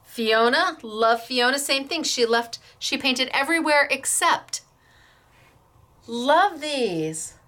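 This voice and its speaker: Gushing, excitable craft show hostess. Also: female voice, high-pitched, slow.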